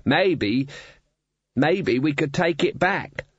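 A man's voice: on the high side, expressive, extremely slow, slightly rough, no echo, lo-fi sound, pitched above the performer's own voice, heavily acted. A man voicing an anxious male band member who moans and hesitates. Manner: moaning and hesitant.

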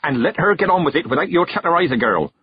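A man voicing a stern, sharp-tongued old witch woman in an audiobook, curt and commanding. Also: mid-range voice, big pitch swings, brisk, husky, no echo, pitched above the performer's own voice. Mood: snapping. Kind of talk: audiobook character voice. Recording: dull, dry narration recording.

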